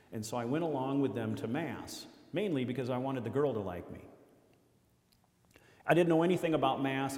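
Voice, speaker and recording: A man's voice: mid-range voice, a little mellow. A man from Iowa sharing his faith testimony with a congregation, telling his story earnestly with self-deprecating humor. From Iowa, USA. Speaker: lay speaker giving a testimony. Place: church hall. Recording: echoey hall with long reverb.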